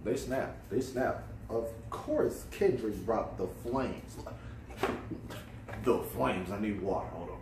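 A man giving casual, excitable reaction commentary on an album, with exclamations and drawn-out remarks. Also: fairly low pitch, distant mic, noisy background. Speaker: music reaction vlogger. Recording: roomy, off-mic, music underneath. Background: album playing.

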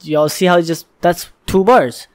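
A man's voice: a little high, moderate pace. A man hosting a music reaction video, casually and eagerly explaining rhyme schemes and often exclaiming in admiration. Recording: faint music playing behind.

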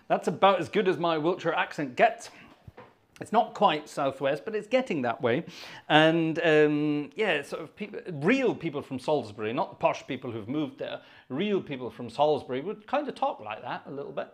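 Male organist host, light-pitched, rambling casual chat with murmured asides. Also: animated, normal speed. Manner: chatty, muttering asides to himself. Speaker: organist hosting a live stream. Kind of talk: casual live-stream chat.

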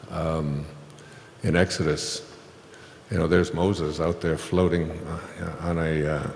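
A man with a low voice gives a reflective spiritual talk to a live audience. He retells old stories in an easy, conversational way, full of fillers and restarts. His voice rings through a large hall with a long, echoing tail and a faint hum of the room underneath. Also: level tone, takes it slowly. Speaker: spiritual speaker addressing an audience. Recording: echoey hall with long reverb.

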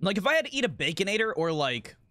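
Animated, high-voiced ranting male streamer. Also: fast talker, no room sound. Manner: rambling, profane, animated ranting. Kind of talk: casual gaming stream chatter.

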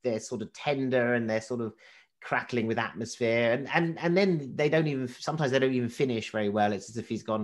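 Male film critic, animated and chatty, stumbles and restarts often. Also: medium pitch. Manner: animated, halting with many restarts. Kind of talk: casual talk.

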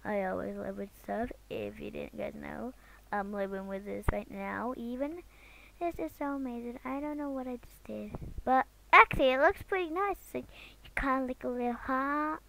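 A woman from Britain chatting goofily while she draws, swinging between loud outbursts and near-whispers. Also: on the high side, normal speed, creaky, a little hiss or hum. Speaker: drawing vlogger. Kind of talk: casual commentary while drawing.

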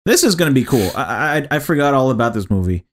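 A man's voice: mid-range voice, very animated, fast talker. A man co-hosting a podcast in casual, crude chat, joking and teasing with running gags. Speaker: podcast co-host.

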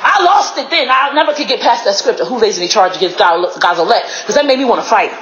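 A woman preaching on her own at home, shouting a repeated phrase, then dropping her voice and laughing between lines. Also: expressive, fast, dull audio, slight background noise. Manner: shouts a repeated catchphrase, then drops low, laughing often. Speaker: lay preacher. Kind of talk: informal spoken devotional. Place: home, indoors.

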